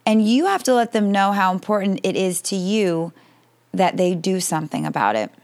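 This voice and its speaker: A woman's voice: mid-range voice, expressive, normal speed, a little mellow. Woman in her forties, podcast advice host, direct, reassuring, reads listener questions. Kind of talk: reading and answering listener questions.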